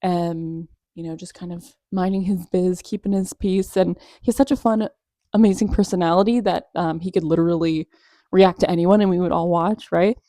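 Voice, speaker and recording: Mellow-voiced woman gossiping on a vlog. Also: lowish voice, normal speed, dry recording, studio quality. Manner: animated, gossipy, sarcastic asides. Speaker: commentary vlogger. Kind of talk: casual chatty commentary.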